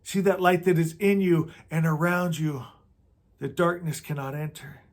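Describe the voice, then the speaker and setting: A man leading a guided prayer and spiritual teaching, meditative and slow, often repeating words and trailing off softly. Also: on the high side.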